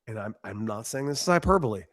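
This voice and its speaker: A man's voice: on the low side, lively intonation, fast, a bit bright, dry recording, clean studio sound. A man in his thirties from Los Angeles, co-hosting a casual podcast, emphatic and enthusiastic, swearing freely. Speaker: podcast co-host. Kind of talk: casual sports podcast chat.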